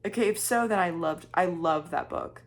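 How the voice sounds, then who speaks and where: Young woman, slightly low voice, casual vlog chat, rambling, self-deprecating, whispers for emphasis. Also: moderate pace, slight background noise. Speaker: book vlogger.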